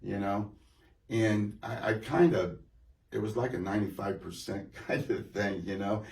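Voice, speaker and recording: A man with a very low voice tells his testimony in a halting, rambling way, restarting his sentences and filling gaps with fillers. The sound comes from an echoey church room, with the mic set some way off. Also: creaky, darkish tone, far from the mic. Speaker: guest giving a testimony. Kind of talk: personal testimony conversation.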